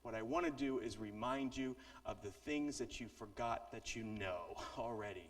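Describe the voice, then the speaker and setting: A man's voice: mid-range voice, moderate pace. A man giving a keynote speech to an audience, playful and self-mocking, coaxing the crowd to join in. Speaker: motivational speaker. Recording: echoey hall from far off.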